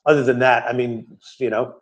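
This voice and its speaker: A man's voice: mid-range voice, fairly even intonation, a little fast. A man answering viewer questions in a casual studio chat, rambling with lots of fillers and restarts. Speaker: guest sports bettor answering viewer questions.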